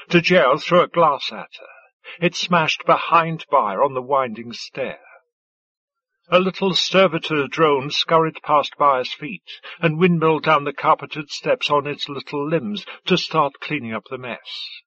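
A man reading fiction aloud as an audiobook narrator, in a measured, scripted way. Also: fairly high pitch, pushed and bright, slightly rough, no room sound, highs cut off.

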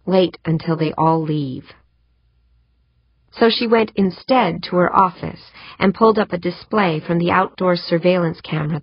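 Low husky woman narrating a story. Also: dry recording. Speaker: audiobook narrator. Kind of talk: scripted narration. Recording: dull muffled audiobook recording.

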